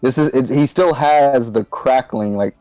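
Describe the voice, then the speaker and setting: A man playing in a tabletop game, explaining things slowly with fillers. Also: mid-range voice, mellow, no room sound, soft background music, low-quality recording. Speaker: player. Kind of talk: casual tabletop game talk.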